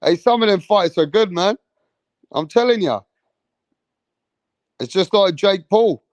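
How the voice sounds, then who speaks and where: A man's voice: high-pitched, expressive, measured pace, no room sound. A young man hosting a casual live stream, rowdy and swearing as he reads out chat comments. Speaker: livestream host.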